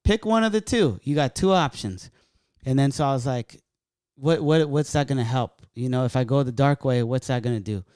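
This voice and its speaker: A man telling a story in a casual podcast chat, animated and profane, acting out what people said. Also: mid-range voice, moderate pace, smooth, no room sound, studio quality. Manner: profane, animated, acts out quotes.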